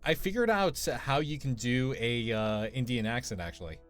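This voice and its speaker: A man chatting casually on a live stream, laid-back and hesitant, often pausing on fillers and laughing easily. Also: medium pitch, sing-song, fairly bright tone, faint music behind. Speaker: streamer co-host. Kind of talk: casual chat.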